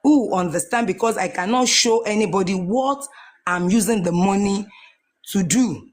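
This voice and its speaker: A woman's voice: medium pitch, moderate pace. Earnest Nigerian woman telling her story. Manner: earnest, repeats phrases, restarts often. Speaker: guest sharing a testimony. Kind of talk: emotional personal testimony.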